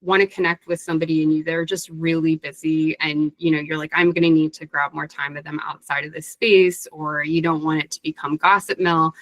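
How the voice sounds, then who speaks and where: A woman giving a career advice webinar over a video call, chatty and animated, acting out little quoted conversations. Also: low voice, a little fast, hardly any pauses, no echo, low-quality recording. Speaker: webinar presenter.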